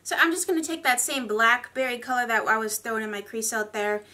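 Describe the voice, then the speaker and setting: A woman's voice: a little high, steady tone, a little fast, sharp tone. A woman, chatting candidly and rambling a little while doing her makeup on camera at home. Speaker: beauty vlogger. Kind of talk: casual get-ready-with-me chat.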